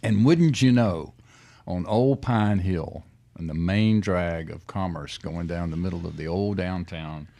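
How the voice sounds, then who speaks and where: A man's voice: low voice, unhurried, gravelly, warm tone. A man hosting a radio food show, chatting casually with frequent uh fillers.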